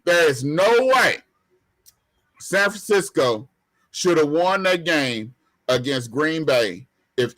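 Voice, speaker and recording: A man's voice: a little high, fairly bright tone. A man arguing football on a sports talk panel, emphatic and colloquial, often repeating himself. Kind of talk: heated sports debate.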